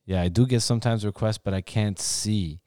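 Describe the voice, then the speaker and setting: Deep-voiced man DJ chatting. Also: a little fast, warm tone, dry recording, studio quality. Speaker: DJ and podcast co-host. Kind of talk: casual chat.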